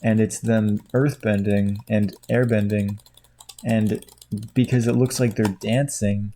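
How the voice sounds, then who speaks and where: Tired man with a gravelly voice. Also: on the low side, level tone, takes it slowly, slight background noise. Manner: tired, quiet, rambling, laughs often. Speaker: video creator. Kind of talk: casual chat while clicking at a computer. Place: at home indoors.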